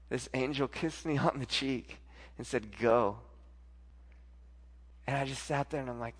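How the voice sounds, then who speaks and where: A man preaching a sermon and telling an emotional personal story, moving between loud outbursts and hushed, tearful passages. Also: medium pitch, steady tone, moderate pace, in a large hall. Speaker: pastor.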